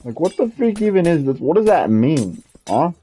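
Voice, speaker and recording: A man's voice: a little high, sing-song, normal speed, mellow, breathy edge. A man streaming a game while venting in a frustrated, repetitive rant. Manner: frustrated ranting, repetitive, swears mildly. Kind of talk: casual gaming stream rant.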